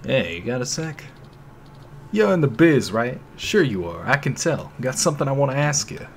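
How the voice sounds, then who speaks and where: A man voicing a brash, loudmouthed male street thug with a put-on tough-guy drawl. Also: medium pitch, big pitch swings, normal speed, a little hiss or hum. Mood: pushy.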